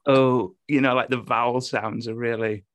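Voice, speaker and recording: A man's voice: mid-range voice, fairly even intonation, moderate pace, fairly bright tone, dry recording. A man with a Hull accent, co-hosting a podcast over a video call, bantering casually and swearing a lot. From Hull, England. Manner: sweary, self-mocking banter. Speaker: podcast co-host. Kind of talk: casual chat. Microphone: studio mic with pop shield.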